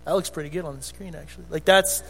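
A man preaching a conversational, animated sermon as a pastor in a church sanctuary. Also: a little high, fast talker, gravelly. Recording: long hall reverb with faint music.

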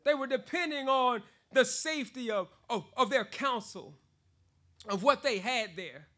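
A man preaching a sermon in an animated way. He laughs often between phrases and repeats words for emphasis. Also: extremely high pitch, measured pace.

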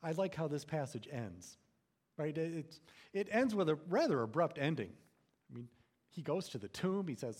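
Brief: male pastor, high and lively voice, slow and emphatic sermon delivery. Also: slightly rough. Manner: emphatic preaching, swelling loud on key phrases then dropping low.

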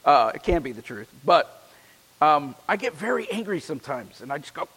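A pastor preaching a sermon. He reads scripture with strong emphasis and then drops into relaxed, joking asides. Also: a little high, normal speed, breathy edge. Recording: long hall reverb.

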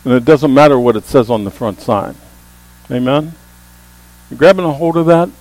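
A man preaching a sermon as a pastor, with emphatic calls that rise to the congregation and a low hum under the voice. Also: lively intonation, normal speed, a little mellow, rough recording. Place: church sanctuary.

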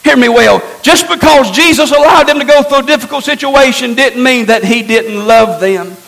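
High, bright-voiced male preacher. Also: moderate pace, creaky, poor audio. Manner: emphatic preaching with rhetorical questions. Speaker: pastor. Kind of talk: sermon.

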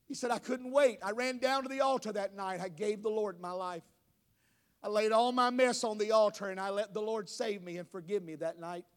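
High-voiced man preaching a sermon. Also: normal speed. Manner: preaching, rising to shouts. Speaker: pastor. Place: church.

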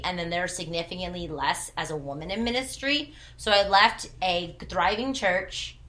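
A woman's voice: fairly low pitch, fairly bright tone. A woman in her thirties who worked in church ministry, telling a personal testimony with earnest storytelling and quoted dialogue.

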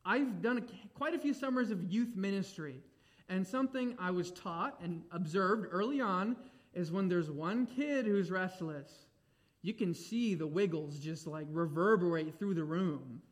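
A young man preaching a sermon, emphatic, moving between raised exclamations and quiet reflective asides. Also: high voice.

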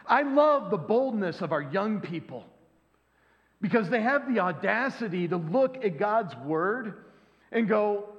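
Through a dull, lo-fi recording full of long hall reverb, a high-voiced pastor takes his sermon slowly. He preaches in a lively way, performing the voices of the figures in the scripture story.

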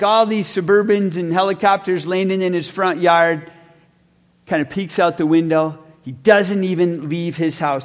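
Male pastor, high voice, casual storyteller, reverberant hall. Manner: conversational storytelling, acts out characters. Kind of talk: sermon.

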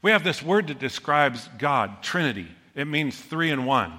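A middle-aged man preaching a sermon, telling stories in a lively, joking way. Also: on the high side, normal speed. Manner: storytelling, animated, self-deprecating humor. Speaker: pastor. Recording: long hall reverb.

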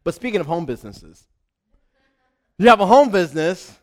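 A man preaching a sermon as pastor, animated, acting out little voices in his examples, with frequent restarts. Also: high voice, normal speed.

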